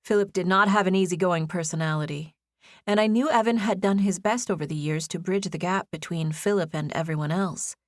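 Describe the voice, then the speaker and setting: A young adult woman narrating a first-person audiobook with gentle, intimate storytelling. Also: lowish voice, brisk, no room sound, studio quality.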